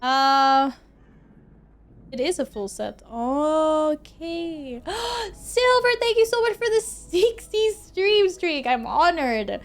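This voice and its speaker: A woman's voice: high voice, expressive, slow. A young woman from Sweden streaming a video game at home, chatting and giggling with her viewers as she plays. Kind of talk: casual gameplay streaming.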